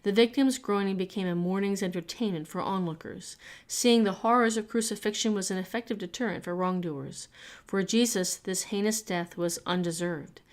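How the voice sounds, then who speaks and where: A woman reading scripture aloud for a church, clear and steady. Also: mid-range voice, moderate pace. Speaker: Bible reader.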